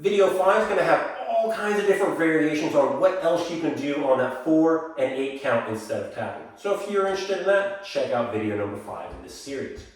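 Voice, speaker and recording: A man's voice: on the high side, animated, a little fast, hardly any pauses. A male dance instructor teaching a lesson, calling out counts in a singsong rhythm and explaining the drills. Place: dance studio. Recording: echoey studio, voice from far off.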